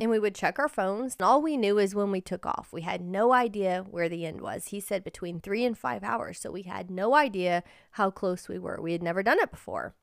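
Woman, podcast host, personal story, encouraging, very expressive pitch, dry close sound. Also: creaky, no echo. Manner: encouraging, earnest. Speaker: podcast host and life coach.

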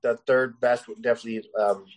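A man's voice: medium pitch, steady tone, fast talker, rough recording. Guest fighter, male, loose rambling delivery, lots of fillers, conversational. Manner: rambling, heavy with "you know" and "uh" fillers. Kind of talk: casual storytelling interview.

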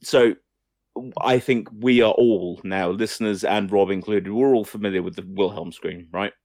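Brief: male podcast co-host, low voice, loose rambling delivery, dry close mic. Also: steady tone, moderate pace, darkish tone, dry recording. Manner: rambling, swears casually, trails off and restarts sentences. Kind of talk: casual film-news chat.

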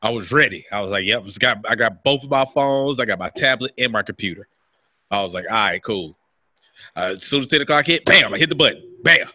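A man's voice: mid-range voice, a little fast, dry recording, dull audio. A man co-hosting a podcast, telling a long, heavily profane rant in casual chat and acting out what people said to him. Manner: animated, swears constantly, acts out his own quotes. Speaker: podcast co-host.

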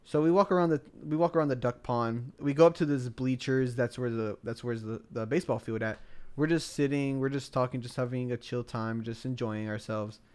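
A man's voice: medium pitch, a little fast, darkish tone, clear, resonant tone. A young man from the United States co-hosting a podcast. He tells a story in casual chat, rambling, repeating himself and saying "like" a lot. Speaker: podcast co-host.

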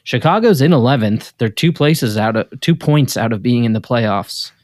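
A man's voice: mid-range voice, expressive, normal speed, a little mellow, no room sound, studio quality. A man co-hosting a soccer podcast, talking matter-of-factly in casual chat. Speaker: podcast co-host.

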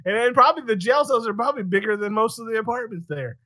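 A man hosting a podcast in casual chat, animated, swearing freely and laughing often. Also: very high voice, fast, no room sound. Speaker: podcast host.

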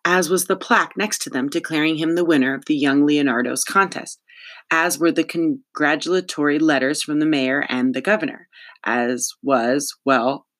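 An audiobook narrator reading a children's novel in an even, storytelling manner. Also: mid-range voice. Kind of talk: scripted narration.

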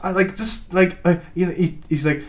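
A man's voice: high-pitched, fairly even intonation, normal speed. A young man co-hosting a casual podcast chat, rambling and sweary with frequent filler words. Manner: rambling, sweary, laughs often.

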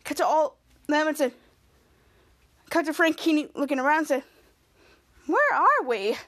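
A woman with a high-pitched voice hosts a podcast, recapping a TV episode in a casual, halting way. She restarts her sentences often and strings events together one after another. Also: steady tone. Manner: halting, repetitive retelling with many restarts and "cut to". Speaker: podcast host.

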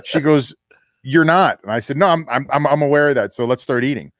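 Man, middle-aged, fast talker, dry studio, lively storyteller acting out quotes. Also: mid-range voice, no echo. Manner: animated storyteller, acts out quoted voices. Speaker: former football player guest. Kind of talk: casual storytelling interview.

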